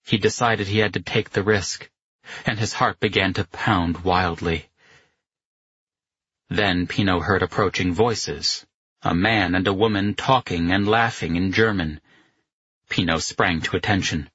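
A man reading a novel aloud as narrator, measured and even. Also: sits low, husky, no room sound. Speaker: audiobook narrator. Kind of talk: scripted narration. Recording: dull dry lo-fi recording.

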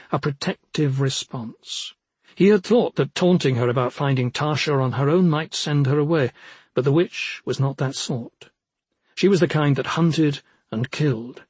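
A man narrating a fantasy audiobook in a husky voice, with measured, even storytelling. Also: mid-range voice, no echo.

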